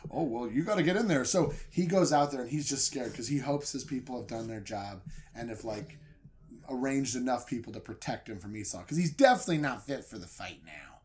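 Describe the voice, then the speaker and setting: A man retelling a story for comedy, swinging from loud outbursts to hushed asides. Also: mid-range voice, lively intonation, fairly quick.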